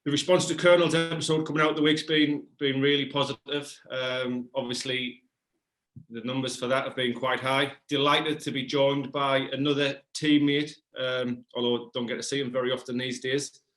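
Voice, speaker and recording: A man hosting a podcast, leading a casual, relaxed chat with a guest. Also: mid-range voice, normal speed. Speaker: podcast host.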